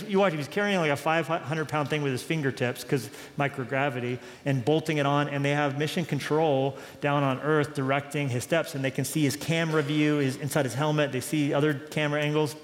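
A man preaches in a loose, conversational style, and his fairly high voice lifts when he acts out dialogue. A long reverb trails behind each phrase, as if he stands in a large hall. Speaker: pastor. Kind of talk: sermon.

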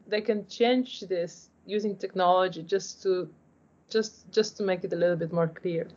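A startup founder with a lowish, slightly mellow female voice answers interview questions at a moderate pace. She explains things earnestly, saying "like" a lot and restarting sentences, and the lo-fi audio sounds dull and muffled.

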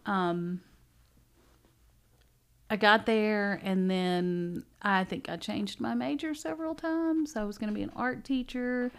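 A middle-aged woman, a bookstore owner, chatting casually as a podcast guest, animated and laughing often as she tells stories. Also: mid-range voice, slow, gravelly. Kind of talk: casual interview chat.

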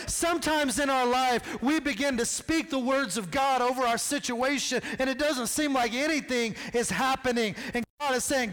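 A man preaching a sermon, telling a story with animated, casual acted-out dialogue. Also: very high voice, moderate pace, hardly any pauses. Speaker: pastor. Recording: long reverb of a large hall.

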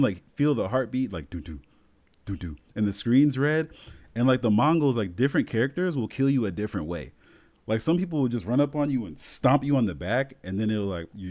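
A young man talking casually and excitedly about a video game, full of fillers and restarts. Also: mid-range voice. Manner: excited, filler-heavy, rambling storytelling. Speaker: gamer friend in a podcast chat. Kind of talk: casual chat.

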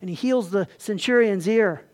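A man's voice: sits high, normal speed, darkish tone. A man delivering an emphatic sermon as a pastor, often asking his listeners questions. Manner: emphatic, asks the congregation questions.

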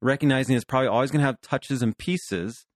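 A man's voice: mid-range voice, fast talker, no room sound, studio quality. A man in his fifties, a pastor and therapist hosting a podcast, talking earnestly about counseling couples. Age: 50s. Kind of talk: podcast conversation.

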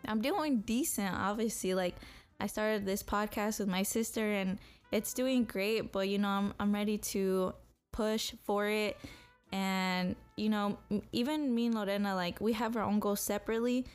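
Young woman, solo podcast rant, blunt and swearing, middle-pitched, faint music under her. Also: steady tone, normal speed, clear, resonant tone. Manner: blunt and profane, self-motivating. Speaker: podcast co-host.

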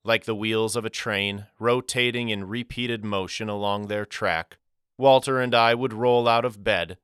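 A man narrating a first-person audiobook story in a wry, measured storytelling manner. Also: lowish voice, steady tone, fairly bright tone, clean tone, no echo, clean studio sound.

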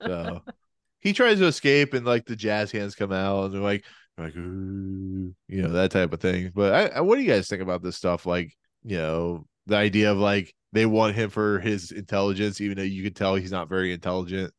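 Sitting low in pitch but with lively intonation, this man speaks fairly quickly and smoothly as he co-hosts a podcast. The casual chat has him rambling and restarting sentences, captured in a dry, clean studio recording.

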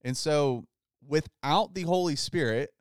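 A man hosting a podcast, talking through a Bible passage in a relaxed, casual way, often saying "like" and reading scripture aloud. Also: a little high, measured pace, clear, resonant tone, dry recording, clean studio sound. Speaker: podcast host. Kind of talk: casual Bible study chat.

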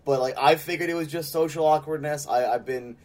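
A man's voice: on the high side, fairly quick, darkish tone. A man co-hosting a casual sports podcast, rambling with lots of fillers and frequent laughter. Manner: rambling, heavy use of "like", laughs often. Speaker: podcast co-host. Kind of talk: casual chat.

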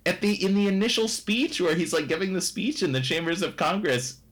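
A man's voice: high voice, expressive, a little fast, fairly bright tone. A young man co-hosting a casual movie chat, rambling with restarts and laughing often. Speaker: podcast co-host reviewing a movie.

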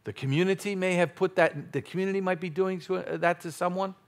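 A male pastor preaching a sermon, playful and animated, with sudden loud exclamations. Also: high-pitched, quick pace.

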